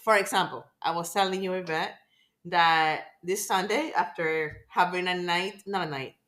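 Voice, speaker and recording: A woman's voice: fairly low pitch, moderate pace, fairly bright tone. A woman co-hosting a podcast in a candid casual chat, hiccuping and apologizing, laughing at herself. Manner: self-conscious, apologetic, laughing. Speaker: podcast co-host.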